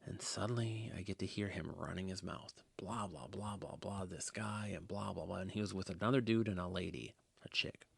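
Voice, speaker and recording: A man hosting his own podcast, telling a rambling story casually and often dropping to a hushed near-whisper. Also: low voice, normal speed, vocal fry, few pauses, slightly rough, dry recording. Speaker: podcast host.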